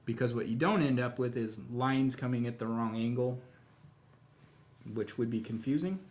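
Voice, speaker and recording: Relaxed, chatty male painting instructor. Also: medium pitch, normal speed. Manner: relaxed, chatty, step-by-step explaining. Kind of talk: live tutorial demonstration.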